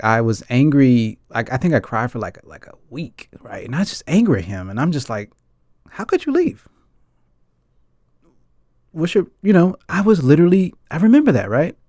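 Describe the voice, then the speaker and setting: Host, male, from the States. Warm, relaxed voice, dry close sound, loose reflective chat with lots of asides to the audience. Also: medium pitch, no echo. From United States. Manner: earnest and rambling, keeps asking the audience "right?" and "guys". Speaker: film discussion host.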